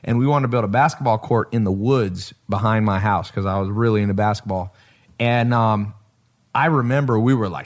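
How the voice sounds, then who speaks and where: A man hosting a podcast, chatting casually and telling stories in an animated way, laughing often. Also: on the low side, fairly quick. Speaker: podcast host.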